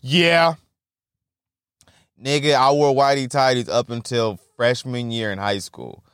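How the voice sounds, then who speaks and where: A man's voice: medium pitch, a little slow, clean tone, no echo, studio quality. A young man in a casual rambling monologue, telling profane stories with frequent laughter. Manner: profane, laughing, animated storytelling.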